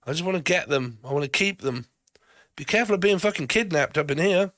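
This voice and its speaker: A man's voice: on the high side, moderate pace, fairly bright tone, dry recording, clean studio sound. A man giving a rambling tarot card reading, swearing often and laughing between phrases. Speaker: tarot reader.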